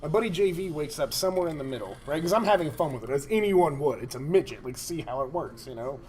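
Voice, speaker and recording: A man on a podcast telling a crude story in a rambling, animated way, laughing often. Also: fairly high pitch, fast. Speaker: podcast co-host.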